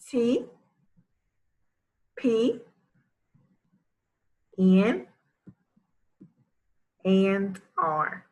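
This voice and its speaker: A woman's voice: medium pitch, low-quality recording. A woman teaching a first grade reading lesson, carefully sounding out word parts and praising the children. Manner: enunciates sounds carefully, warm praise for pupils. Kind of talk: slow, deliberate reading lesson for young children.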